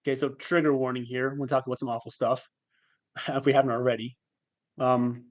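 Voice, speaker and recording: Reflective, halting male guest. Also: medium pitch, little pitch movement, muffled recording. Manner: reflective and halting, with fillers and restarts. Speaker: podcast guest. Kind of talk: candid personal storytelling.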